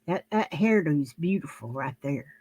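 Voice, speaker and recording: A woman's voice: low-pitched, animated, moderate pace, darkish tone. An older woman talking casually to camera at home while she shows her handmade crafts, rambling and homey, with lots of fillers and restarts.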